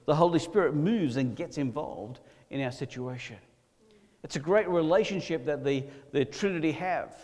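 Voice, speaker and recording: Man, preacher, sermon, loud then quiet delivery, slightly high voice. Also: in a large hall. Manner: swings between loud emphatic lines and low quiet ones.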